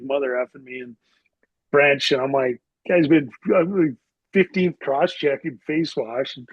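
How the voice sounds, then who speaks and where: A man's voice: medium pitch, husky, no room sound. Middle-aged man, podcast guest, rambling storyteller, crude language, dry dull-sounding recording. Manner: rambling, profane, heavy use of "like". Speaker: podcast guest, former hockey player. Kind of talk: casual storytelling interview.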